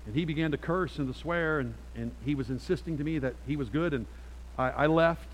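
A man preaching a sermon to a church congregation, switching between forceful appeals and quiet storytelling. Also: fairly high pitch, a little fast, slight background noise, rough recording. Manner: emphatic, swings from loud exhortation to quiet storytelling. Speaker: pastor.

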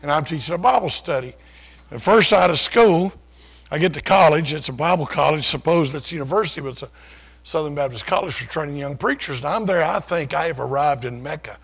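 A man's voice: fairly high pitch, lively intonation, fairly quick, fairly bright tone. An older man preaching, telling his own story in a folksy, self-deprecating, conversational way. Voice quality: gravelly, husky. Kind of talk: sermon testimony storytelling.

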